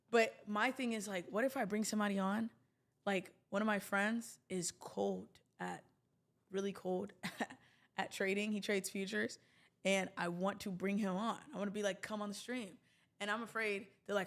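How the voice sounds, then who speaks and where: A woman hosting a livestream, talking casually to her viewers in a chatty, rambling way with jokey asides. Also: medium pitch. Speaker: livestream host.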